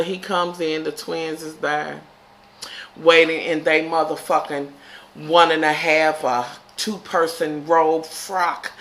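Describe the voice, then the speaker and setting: A woman casually recapping a TV episode, swearing freely and shouting in disbelief. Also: lowish voice. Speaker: TV episode reviewer.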